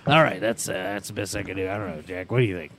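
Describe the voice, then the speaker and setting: A man co-hosting a comedy podcast in a low voice with a gravelly edge. He talks casually and sometimes in a mock-formal tone. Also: fast talker, fairly bright tone, slight background noise. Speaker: podcast co-host.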